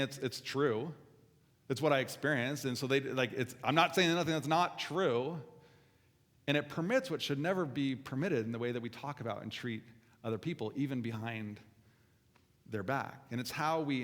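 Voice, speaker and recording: A male pastor preaching a conversational sermon, earnest and self-deprecating, with asides to the congregation. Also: mid-range voice. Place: church auditorium. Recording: long hall reverb.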